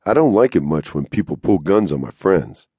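A man with a deep, husky voice voicing a calm, bossy frontier woman who handles a gun, talking dry and no-nonsense in a western audiobook. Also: normal speed, no echo, full character voice. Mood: cool, bossy.

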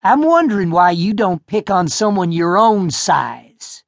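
A man's voice: high-pitched, big pitch swings, unhurried, gravelly, no echo, studio quality, heavily acted. A man doing a cocky, foul-mouthed schoolboy. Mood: taunting. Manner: cocky, taunting.

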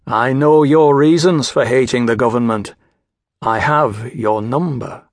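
A man's voice: medium pitch, no echo, clean studio sound, natural voice. A man doing a smug, cold Mancunian gent. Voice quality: smooth. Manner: slow, superior, smirking. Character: smooth, cold Manchester gentleman secretary, smug and cruel.

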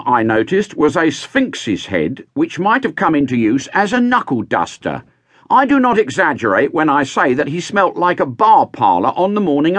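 A man's voice: fairly high pitch, a bit bright, dry recording, pitched above the performer's own voice. An actor playing a pedantic, aggrieved man formally recounting his arrest. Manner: formal, fussy, precise wording.

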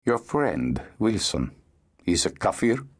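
A man's voice: on the low side, sing-song, slow pace, breathy edge, full character voice. A man voicing an earnest young man who answers tersely and hesitantly. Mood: guarded.

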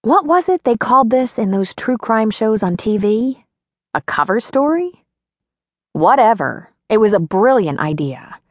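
A woman narrating an audiobook in an expressive, wry storytelling manner. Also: on the high side, normal speed, hardly any pauses, dry recording, studio quality. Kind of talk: scripted narration.

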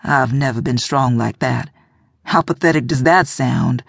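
A woman's voice: rumbling low, unhurried, gravelly, no echo, studio quality, exaggerated voice. A woman doing a despairing young man calling from jail. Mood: dejected.

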